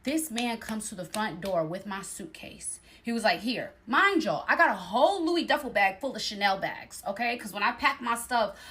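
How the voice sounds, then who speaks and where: A young woman telling a dating story in a casual storytime, animated and acting out the other people's voices. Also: a little high. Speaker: storyteller in a clip.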